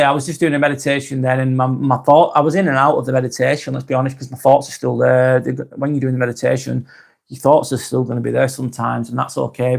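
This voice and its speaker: A man hosting a casual live stream, talking softly and unhurriedly, apologising often and reading out viewer comments. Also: medium pitch, creaky. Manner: soft, unhurried, apologetic, with frequent ums and restarts.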